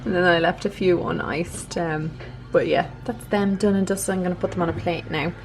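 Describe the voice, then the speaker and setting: A woman's voice: lowish voice, steady tone, moderate pace, soft background music. A woman vlogger from the UK or Ireland chatting casually in her home kitchen, filming herself, a little out of breath, with lots of "like" and "um" and easy laughs. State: a bit out of breath. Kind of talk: casual vlog chat.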